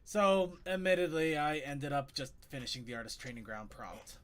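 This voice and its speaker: A man hosting a casual online chat show, excitable and quick to laugh. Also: a little high, a crowd in the background. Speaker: podcast host.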